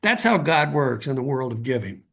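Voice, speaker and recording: A man's voice: medium pitch, big pitch swings, normal speed, creaky, fairly bright tone, slightly rough. A middle-aged man, a guest author, earnestly telling a personal story in conversation and often repeating words as he starts a thought.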